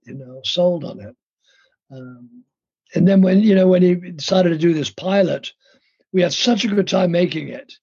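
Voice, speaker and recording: A man's voice: a little high, gravelly, a little mellow, slightly rough, no room sound, lo-fi sound. An older man from India, a guest actor telling stories in a rambling, hesitant way with many ums and restarts, heard over a remote line. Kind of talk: casual interview storytelling. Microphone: remote call line.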